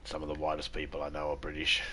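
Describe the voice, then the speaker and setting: A man's voice: a bass voice, monotone, brisk, pushed and bright, slight background noise. An Australian man streaming a game, chatting casually with irreverent jokes and plenty of swearing. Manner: joking, irreverent, swears freely. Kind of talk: casual gameplay chat.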